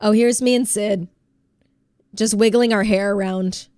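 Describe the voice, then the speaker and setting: Woman streamer w a stuffy head cold, giggly and chatty, mid pitch, dry close mic. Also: steady tone, measured pace, dark tone, no room sound. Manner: giggly, chatty, reads chat aloud. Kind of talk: casual chat with chat.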